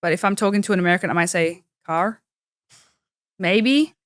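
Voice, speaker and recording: Speaking rapid-fire in a fairly low voice, this young woman with an Australian accent is a pro wrestler guesting on a studio interview. She's chatty and sprinkles in lots of "like" fillers. The sound is dry and studio grade.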